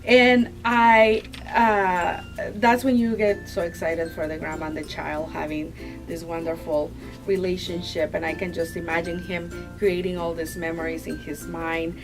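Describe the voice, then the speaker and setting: A woman's voice: on the low side, fairly even intonation, a little slow, over music, low-quality recording. A woman guest chatting casually and enthusiastically about children's picture books, laughing often. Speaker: guest book reviewer.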